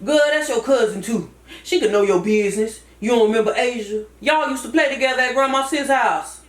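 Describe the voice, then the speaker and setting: A woman voicing a blunt older female cousin with an Atlanta accent, a deeper voice and a crude, teasing way of giving advice, for a cartoon. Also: fairly quick, reverberant, lightly acted.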